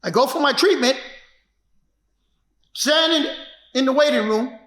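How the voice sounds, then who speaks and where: A martial arts instructor telling his own story in an emphatic, repetitive way that builds to shouts. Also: extremely high pitch, a little slow. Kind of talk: personal storytelling. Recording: echoey room.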